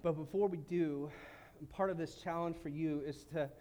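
A middle-aged male pastor preaching a lively, casual sermon with sudden shouted exclamations. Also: a little high, moderate pace. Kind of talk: energetic sermon.

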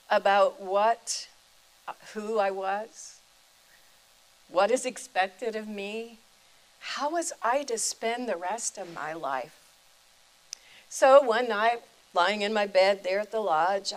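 Older lady, retired preacher, telling her faith story real slow and thoughtful. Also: medium pitch, poor audio. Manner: slow, deliberate, reflective telling. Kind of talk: personal faith testimony storytelling.

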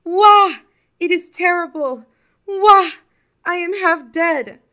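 A greedy, scheming folktale trickster, put on by a woman storyteller. He sweet-talks and plots, his voice sitting at a middle pitch. His tone is sly and wheedling. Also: lively intonation, normal speed, close to an everyday voice. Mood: panicked. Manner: sly, turns loud and panicked. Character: greedy scheming male trickster Uncle Buki.

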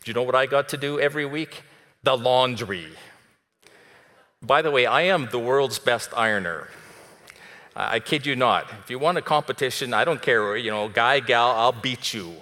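A man preaching a sermon in a conversational way, dropping soft and then rising to emphatic. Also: mid-range voice, normal speed, in a large hall. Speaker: pastor.

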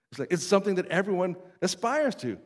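A man with a fairly high voice preaches to his congregation, chatty and easygoing, chuckling as he acts out quoted voices. His words trail off into a long, reverberant hall. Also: big pitch swings, normal speed. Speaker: pastor. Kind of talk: sermon.

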